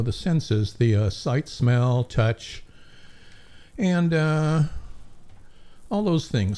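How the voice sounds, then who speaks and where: A man on a radio studio microphone, talking in a chatty, friendly way. His voice is mellow and warm, with a medium pitch. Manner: friendly, chatty, enthusiastic about music. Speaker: radio show host. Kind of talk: casual radio chat.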